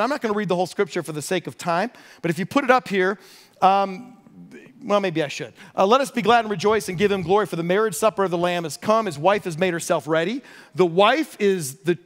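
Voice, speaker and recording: A middle-aged pastor delivers a sermon, telling stories with humor and energy. His voice sits high for a man. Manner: animated storytelling with humor.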